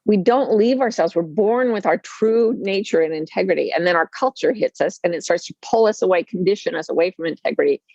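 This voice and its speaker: A low-pitched woman talks frankly about her life, slipping into the voices of the people in her stories and joking at her own expense. The audio is dry and dull, like a lo-fi remote call mic. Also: a little fast, hardly any pauses, no room sound. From Utah, USA. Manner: lively, self-deprecating humor, acts out quoted voices. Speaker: author and life coach. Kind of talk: candid storytelling interview.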